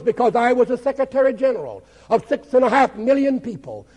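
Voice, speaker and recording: A man's voice: very high-pitched, sing-song, brisk, hardly any pauses, a little mellow, in a large hall, low-quality recording. A man, a pastor, giving an impassioned testimony sermon with dramatic storytelling.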